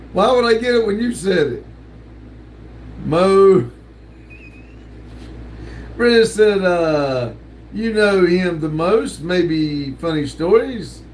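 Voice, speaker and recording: In a home room with a sticker wall, a laid-back older man hosts a casual stream, reading viewers' chat aloud in a drawl full of laughs. His voice sits high, and a bit of background noise comes through.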